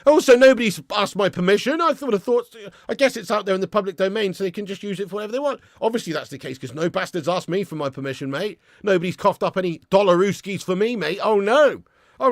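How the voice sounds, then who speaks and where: A man hosting a live football watch-along, reading viewers' messages and ranting with lots of swearing, loud one moment and low and glum the next. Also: creaky, no room sound, studio quality. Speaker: YouTube fan channel host.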